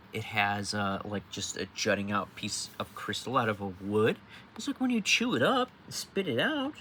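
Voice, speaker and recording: A man with a lowish, fairly bright voice reads along on a livestream, with slight background noise. Sounding sleepy, he rambles casually, restarting often, wandering off on tangents, and swearing in quoted outbursts.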